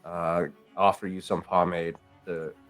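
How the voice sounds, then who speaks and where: A man's voice: deep voice, level tone, a little slow, fairly bright tone, clean tone, faint music behind. A man narrating as game master, casual and rambling, calling players mate.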